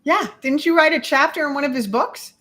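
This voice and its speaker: A woman's voice: sits high, fairly quick, sharp tone. A woman hosting a talk show, encouraging her co-host and prompting him to tell more. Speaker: podcast host. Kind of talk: casual interview chat.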